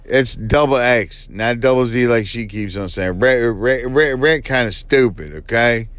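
A man's voice: mid-range voice, a little slow, fairly bright tone, dry recording. A man chatting on a home-made podcast with his wife. He rambles and jokes, tripping over his words, in an easy mid-range voice. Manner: joking, rambling, playing with mock accents. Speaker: podcast co-host. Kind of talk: casual chat.

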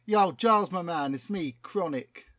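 A man's voice: high voice, unhurried, fairly bright tone, pitched above the performer's own voice. Chronic Cortex, a man doing a slangy young rapper. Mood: brash, cocky. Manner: slangy street talk, brash. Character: swaggering young male street rapper.

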